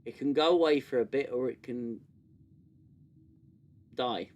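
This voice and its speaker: A British man hosts a casual livestream, talking straight to his viewers. He rambles, stops and restarts, and fills his pauses with ums. His voice sits at an ordinary middle pitch. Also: a little mellow, a little hiss or hum. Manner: rambling, many fillers and restarts. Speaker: livestream host.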